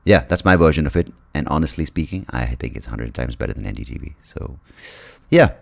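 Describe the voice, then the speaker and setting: A man's voice: rumbling low, animated, a little fast, creaky. A young man, hosting a comedy podcast with a profane, sardonic storytelling manner. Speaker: comedian host. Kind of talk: stand-up style monologue and podcast intro.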